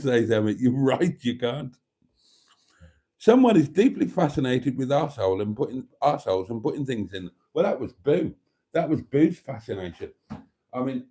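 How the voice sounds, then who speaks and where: A British man hosting a casual livestream, reading viewer comments aloud and joking back, with chuckles and throat-clearing. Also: medium pitch, mellow. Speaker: livestream host.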